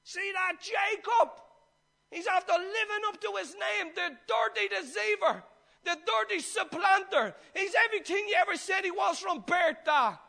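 A preacher acting out a furious young man, cheated of his father's blessing, his high, bright voice loud and cutting as he rails. Bitterness and revenge fill every word. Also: moderate pace, creaky, heavily acted. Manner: ranting, bitter accusation.

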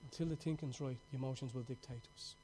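A middle-aged man preaching a sermon with passion, telling stories and swinging between loud outbursts and hushed moments. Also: mid-range voice, fairly even intonation, fast talker, slight background noise.

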